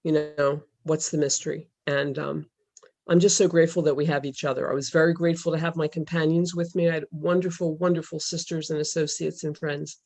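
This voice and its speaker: A woman's voice: sits low, flat delivery, a little mellow. Earnest woman sharing a testimony. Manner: earnest, halting, many fillers. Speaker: religious sister volunteer. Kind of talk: personal testimony on a video call. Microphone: video call.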